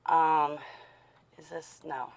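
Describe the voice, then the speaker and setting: A woman hosts a casual online video, still out of breath and apologizing as she chats. She talks slowly, in a slightly low voice. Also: fairly even intonation, creaky. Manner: chatty, apologetic, breathless asides. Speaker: video host. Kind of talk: casual chat.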